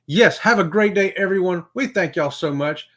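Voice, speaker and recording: A man's voice: high voice, moderate pace, a bit bright. Folksy man hosting a livestream. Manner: folksy, upbeat, chuckles often. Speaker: livestream host. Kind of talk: casual livestream chat reading viewer comments.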